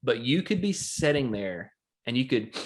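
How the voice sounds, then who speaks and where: A man's voice: medium pitch, big pitch swings, moderate pace. Rambling man telling stories. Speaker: podcast co-host. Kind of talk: casual chat.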